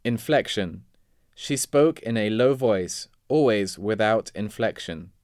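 A man reading vocabulary words and example sentences in a measured, deliberate way. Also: lowish voice, expressive, a little mellow, dry recording, clean studio sound. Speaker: vocabulary reader.

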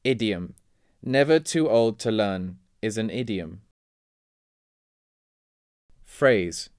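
A man reading vocabulary words and example sentences in a measured, deliberate way. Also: lowish voice, lively intonation, darkish tone, no echo, clean studio sound. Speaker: vocabulary reader.

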